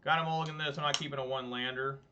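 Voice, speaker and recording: A man's voice: medium pitch, fairly even intonation, rapid-fire, background noise. A married man streaming a card game, rambling and self-deprecating in casual gameplay commentary. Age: adult, married. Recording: dull lo-fi mic.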